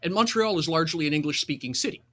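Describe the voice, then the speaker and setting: A man acting as game master in a casual online tabletop session, rambling and restarting often, quick to laugh. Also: a little high, lively intonation, pushed and bright. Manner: rambling, self-interrupting, laughs easily.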